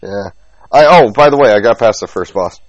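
A man's voice: lowish voice, a little fast, no echo. A man co-hosting a podcast in casual chat, teasing his friends and hamming it up. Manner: animated, teasing, mock-dramatic. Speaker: podcast co-host. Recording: dull lo-fi, dry sound.

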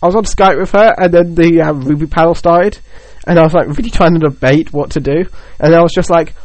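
A man's voice: on the high side, fairly quick, hardly any pauses, darkish tone, no room sound, low-quality recording. A young man co-hosting a podcast, chatting casually and joking with lots of fillers. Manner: rambling and joking, with many fillers. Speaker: podcast co-host. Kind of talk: casual chat.

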